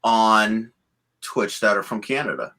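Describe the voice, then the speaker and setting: A man's voice: lowish voice, expressive, a little slow, bright, forceful tone. A man in casual chat, a DJ making matter-of-fact observations. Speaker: DJ guest.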